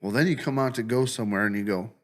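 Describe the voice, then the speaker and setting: A man's voice: on the low side, quick pace. A man co-hosting a casual comedy podcast, telling stories full of swearing and laughter and acting out what he said at the time. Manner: profane, laughing storyteller who acts out his own lines. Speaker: podcast co-host. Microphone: studio podcast mic.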